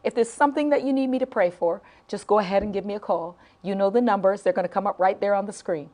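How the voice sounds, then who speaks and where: A woman's voice: medium pitch, fast, darkish tone. A middle-aged woman hosting a live late-night talk show, heartfelt and emotional, repeating phrases and stumbling over her words as she talks to viewers.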